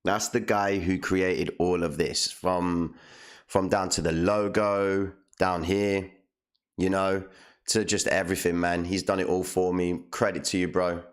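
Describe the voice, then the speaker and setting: A man's voice: low-pitched, flat delivery, measured pace. A man hosting a casual live stream, talking in a hyped, slangy way and repeating his phrases, on a condenser mic. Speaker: livestream host.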